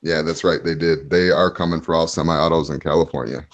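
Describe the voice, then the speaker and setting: A man's voice: rumbling low, fairly even intonation, fairly quick, highs cut off. A man hosting a casual podcast, reading out chat comments, swearing freely, laughing often and getting heated. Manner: profane, laughs a lot, gets heated.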